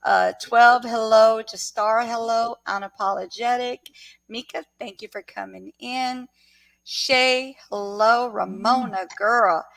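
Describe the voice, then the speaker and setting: A woman's voice: fairly high pitch, fairly even intonation, slow pace, vocal fry, fairly bright tone, no room sound, low-quality recording. A woman hosting a live chat show, eagerly greeting viewers by name. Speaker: host.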